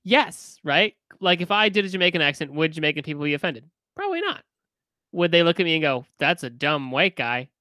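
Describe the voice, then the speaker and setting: Bright, crisp, dry-sounding man. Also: on the high side, big pitch swings, fast talker, no echo. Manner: wry, blunt, teasing. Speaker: podcast host. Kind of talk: casual chat.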